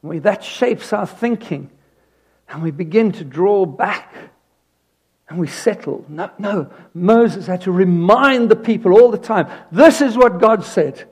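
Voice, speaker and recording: Man preaching, higher-pitched than most, expressive and dynamic, telling a story from the pulpit. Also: measured pace, slightly rough. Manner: animated, swings from loud emphasis to hushed asides. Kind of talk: sermon with personal storytelling.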